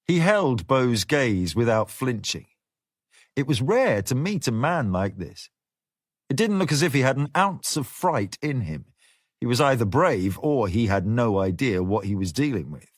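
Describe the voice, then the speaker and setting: Male audiobook narrator for a thriller; slow, animated pitch. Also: no room sound, studio quality. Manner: measured and deliberate, lively pitch. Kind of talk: scripted thriller narration with character dialogue.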